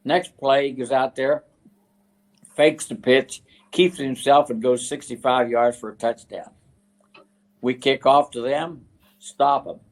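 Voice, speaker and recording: An older man from West Virginia, a retired football coach, telling stories as a guest in an interview, halting and full of fillers and restarts. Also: medium pitch, steady tone. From West Virginia, USA. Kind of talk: storytelling interview.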